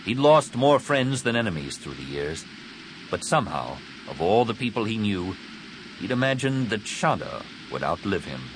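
A male narrator reads an action novel dramatically, his pitch rising and falling in a lively way. A steady background hiss sits under the read. His delivery keeps a steady storytelling pull. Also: normal speed. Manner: dramatic, expressive reading. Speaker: audiobook narrator. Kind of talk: scripted narration.

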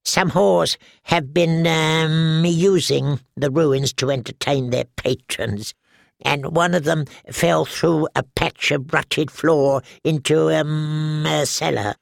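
A man reading an audiobook, voicing a nervous male alchemist with a squeaky, halting voice full of hesitations. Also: fairly even intonation, gravelly, no room sound, clean studio sound, exaggerated voice. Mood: flustered.

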